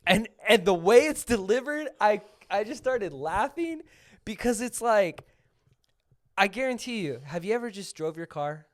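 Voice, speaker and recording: High-voiced young man chatting about movies. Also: normal speed. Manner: animated, laughing, acts out quotes. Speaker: podcast co-host. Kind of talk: casual movie review chat.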